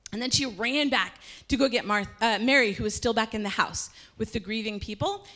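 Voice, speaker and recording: A woman retelling a Bible story in a lively, conversational way during a church service. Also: a little high, fairly quick.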